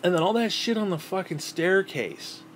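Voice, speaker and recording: A man's voice: high-pitched, very animated, normal speed, fairly bright tone, a little hiss or hum. Rambling, cursing man in his thirties. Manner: profane, rambling, repeats and restarts words. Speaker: vlogger. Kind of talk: casual storytelling.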